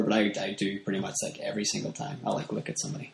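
A man's voice: lowish voice, rapid-fire, vocal fry. A man with a Northern Irish accent telling stories in casual chat, rambling with many fillers. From Northern Ireland. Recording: echoey room.

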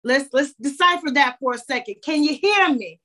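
A woman putting on the voice of a loving old grandmother who gently scolds and coaxes in a high, sing-song way. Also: animated, normal speed. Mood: coaxing.

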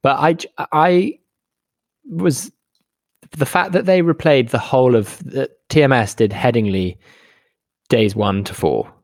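A young man co-hosting a podcast from home, talking in a halting way with many restarts and easy laughter. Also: mid-range voice, dry recording, clean studio sound. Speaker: podcast co-host. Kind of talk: casual chat. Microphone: home microphone.

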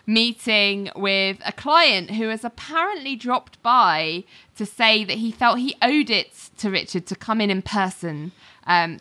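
A woman co-hosting a casual podcast, retelling a TV episode in an animated way and acting out the characters' lines. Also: medium pitch. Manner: animated storytelling, acts out quotes. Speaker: podcast co-host recapping a TV episode. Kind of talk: casual chat.

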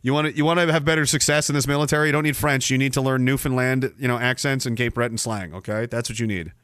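A man's voice: medium pitch, fairly even intonation, fast, fairly bright tone, clear, resonant tone, dry recording, clean studio sound. A man hosting a podcast, reading out comments in a sarcastic, profane, rambling way. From Canada. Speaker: podcast host. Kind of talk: casual livestream chat reading comments.

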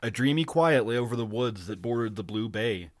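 A man reading a story aloud at an even pace, sometimes stumbling and restarting a word. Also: mid-range voice, brisk, no echo, clean studio sound. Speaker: reader. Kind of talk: audiobook reading, amateur.

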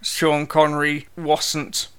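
Bright-voiced man, teasing podcast co-host. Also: fairly high pitch, completely flat delivery, slow pace, clear, resonant tone. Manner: joking, teasing banter. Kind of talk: casual podcast chat.

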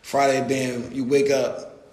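A man's voice: mid-range voice, little pitch movement, takes it slowly. A young man asking friends a question in casual banter, leading the talk and saying "bro" often. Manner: leads the talk, repeats "bro". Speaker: question asker. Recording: echoey room with faint noise.

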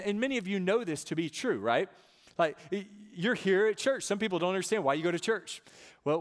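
A man preaching a sermon as a pastor, emphatic and given to repeating words and asking "right?" of his listeners. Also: fairly high pitch.

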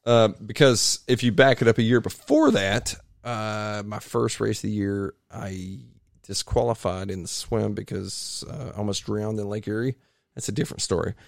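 A man telling a long story on a podcast in a casual, animated way, acting out other people's voices. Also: fairly low pitch, normal speed, vocal fry, no echo, studio quality. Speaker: podcast guest.

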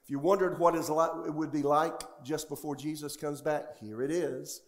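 A man's voice: a little high, fairly even intonation, normal speed. A male pastor preaching a sermon in a church sanctuary, often putting questions to the congregation. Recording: echoey church room.

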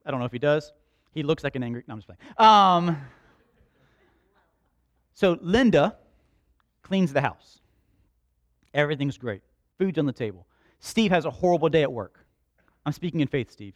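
A man preaching a sermon in a conversational way, with joking asides to the congregation. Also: on the high side. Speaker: pastor.

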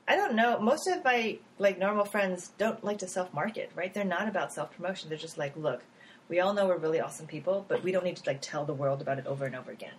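A woman founder talking casually in an interview, animated, with lots of fillers, laughs and acted-out quotes. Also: mid-range voice, fast talker, poor audio. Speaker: app founder.

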